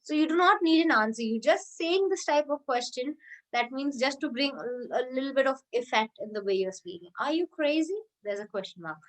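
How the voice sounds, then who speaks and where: A woman's voice: sits high, a little fast. A woman giving an online lecture, explaining with spoken examples and frequent fillers and restarts. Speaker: English teacher.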